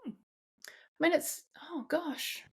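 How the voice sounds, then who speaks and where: A woman's voice: high voice, takes it slowly. A woman in her forties, a guest in a candid podcast conversation, talks in a reflective way and often restarts while she searches for words.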